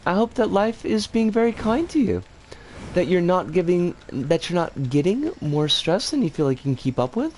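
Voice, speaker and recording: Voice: very animated, normal speed, a little hiss or hum. A game streamer chatting casually over gameplay and greeting viewers by name. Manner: chatty, greets viewers warmly, swings pitch a lot. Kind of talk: casual live game commentary.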